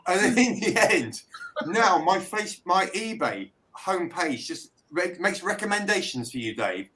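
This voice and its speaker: A man's voice: sits high, big pitch swings, unhurried, sharp tone, low-quality recording. A man from Britain, a band member chatting casually and telling stories with a laugh. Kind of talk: casual chat.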